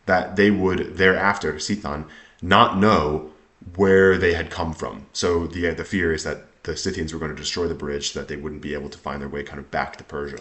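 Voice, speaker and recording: A man with a very low voice talks through a passage of an old text line by line. He hesitates a lot, and he reads the old lines louder than his notes on them. The sound bounces around the room. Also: little pitch movement. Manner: halting, thinking aloud with many ums and self-corrections. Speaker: language teacher reading aloud. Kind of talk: reading and explaining an old text. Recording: echoey room.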